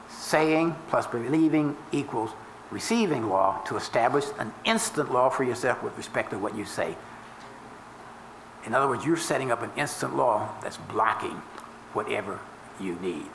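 A man preaching a sermon as minister, teaching step by step and leaning hard on key phrases with slow, drawn-out emphasis. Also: medium pitch, gravelly, a bit bright, roomy sound, slight background noise, low-quality recording. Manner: teaching, explains step by step with formulas and scripture. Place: church before a congregation.

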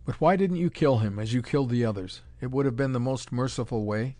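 A man's voice: medium pitch, fairly quick, mellow, no echo, lightly acted. Man playing an indignant young hero. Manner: urgent, indignant. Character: earnest, horrified young male hero.

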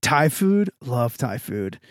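A podcast co-host with a mid-range, very animated voice speaks slowly in clean studio sound with no room sound. He chats casually and tells wandering stories full of filler words, especially "like".

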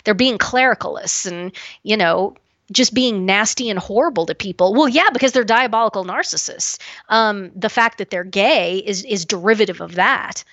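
A woman's voice: mid-range voice, normal speed, a bit bright, dry recording. A woman co-hosting a podcast, giving blunt, emphatic opinions with frequent restarts. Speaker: podcast co-host. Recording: dull, lo-fi dry sound.

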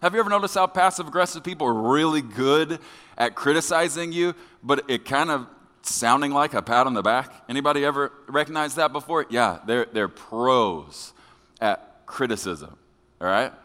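Lively, bright-voiced male pastor preaching. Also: mid-range voice, moderate pace. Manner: lively, joking with the congregation, acting out quoted voices. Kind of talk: sermon. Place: church sanctuary. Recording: long hall reverb.

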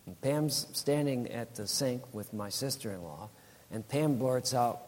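A man's voice: mid-range voice, lively intonation, unhurried, darkish tone, long reverb tail. A man in his sixties giving a rambling, folksy church testimony, with many restarts and laughs.

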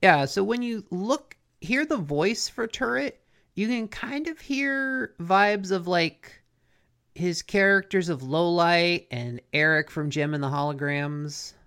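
Co-host, casual episode recap, gravelly low-end fry, loose and chatty. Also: slow pace. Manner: relaxed recapping with frequent "like" and "basically". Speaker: podcast co-host.

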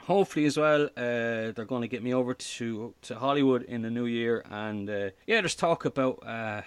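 Guy, thirties, podcaster guest, middle-pitched, rambles with restarts, dry close sound. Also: normal speed, clean tone, no room sound. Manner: animated, repeats words, frequent fillers and restarts. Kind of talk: casual interview chat.

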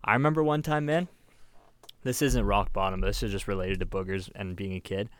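A young man with a Canadian accent, co-hosting a podcast and telling stories with lively, sweary energy. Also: fairly low pitch, a little fast, smooth. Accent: Canadian English. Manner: animated, swearing storyteller. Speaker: podcast co-host. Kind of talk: casual chat.

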